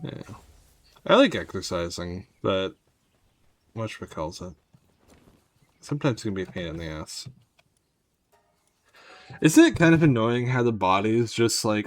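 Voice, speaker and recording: Low-voiced man rambling over a game. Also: lively intonation, moderate pace, long pauses, no room sound. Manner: rambling, wry, talks to chat. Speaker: gaming streamer. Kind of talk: casual gameplay commentary.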